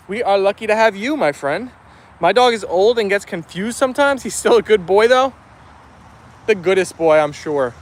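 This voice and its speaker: A man's voice: high-pitched, animated, moderate pace. A man hosting a dog livestream outdoors, reading viewer comments aloud in a casual, friendly way. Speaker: dog channel livestream host. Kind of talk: casual live-chat reading. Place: outdoors with dogs.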